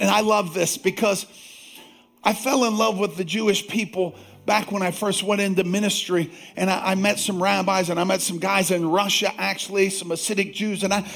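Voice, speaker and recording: A male pastor preaching a sermon, calling out to the congregation for responses and slowing down to stress scripture. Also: high-pitched, creaky, a bit bright. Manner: slows down to stress scripture lines.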